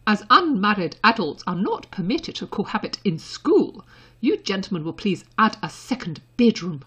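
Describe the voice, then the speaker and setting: A woman reading the part of a stern older headmistress, speaking in a crisp, clipped, formal way, a little louder than her narration. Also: mid-range voice, big pitch swings, normal speed. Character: stern older female headmistress, dry and pointed. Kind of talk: audiobook character reading.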